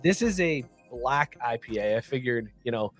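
A man's voice: mid-range voice, expressive, normal speed, music in the background. A man hosting a casual podcast, reading out listener comments in a chatty, joking way. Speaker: podcast host. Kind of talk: casual chat.

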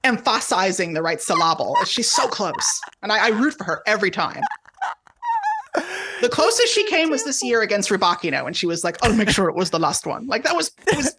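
A man's voice: high voice, wildly swooping pitch, fairly quick, background noise. A man co-hosting a casual podcast, wry and self-deprecating, with rambling asides. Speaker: podcast co-host, tennis editor.

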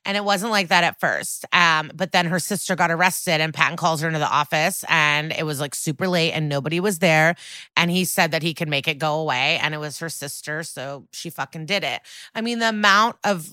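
A woman's voice: low-pitched, normal speed, pushed and bright, no echo. A woman podcast co-host recapping a TV episode in a casual, sardonic, swear-heavy chat. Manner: sardonic, profane, chatty.

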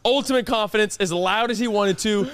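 A man's voice: high-pitched, a little fast, a bit bright. A young man co-hosting a podcast, telling a story in casual chat with lots of emphasis and laughter. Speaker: podcast co-host.

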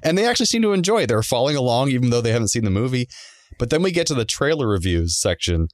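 A man's voice: mid-range voice, sing-song, very fast, no echo, studio quality. Laughing man chatting on a podcast. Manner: laughs often, chatty and loose. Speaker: podcast co-host. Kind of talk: casual chat.

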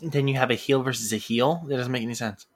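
A man co-hosting a casual wrestling chat with a dry, teasing, deadpan manner. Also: medium pitch, fast talker. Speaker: podcast co-host.

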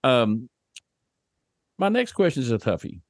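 A man's voice: medium pitch, big pitch swings, measured pace, no room sound, studio quality. A man in his fifties co-hosting a podcast, chatting in a folksy way with storytelling asides. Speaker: podcast co-host. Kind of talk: casual chat.

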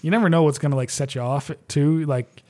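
A man's voice: a little high, brisk, dark tone. A man who is a pipe major, talking casually and bluntly with frequent swearing. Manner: blunt, profane, laid-back. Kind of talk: casual podcast chat.

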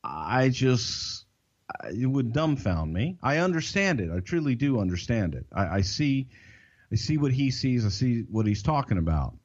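A man's voice: mid-range voice, very animated, darkish tone. Man, Southern US accent, podcast co-host, emphatic storyteller, dull lo-fi audio. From Southern United States. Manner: drawn-out, emphatic, salty storyteller. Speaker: podcast co-host and wrestling insider. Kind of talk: casual storytelling.

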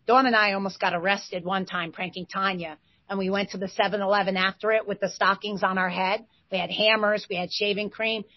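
Woman in her 40s telling an excited story, dry dull-sounding mic, gets loud and fast in bursts. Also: mid-range voice, no room sound. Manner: lively, excitable retelling with bursts of loudness. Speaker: interview guest, former basketball player. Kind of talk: animated storytelling.

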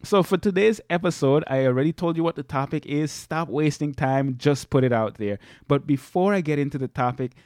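A man's voice: a little high, fairly quick, hardly any pauses, darkish tone, no room sound. A man hosting his own podcast from a small home office studio, chatty, laughing often and repeating himself. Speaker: podcast host. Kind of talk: casual solo podcast talk.

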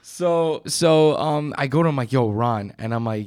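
A man's voice: mid-range voice, a little slow, noisy background. A man guesting on a podcast, telling bar stories with lots of swearing and acting out what people said. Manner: animated, profane storytelling, acting out quotes. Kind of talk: casual chat.

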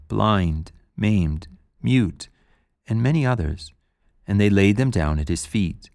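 Gravelly-voiced man reading scripture. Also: lowish voice, a little mellow, no echo, studio quality. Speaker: scripture reader.

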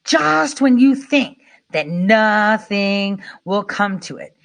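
A middle-aged woman hosting a podcast, talking in a casual, rambling monologue with fillers and mild swearing, her voice swinging up and down in pitch and loudness. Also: expressive, takes it slowly, vocal fry.

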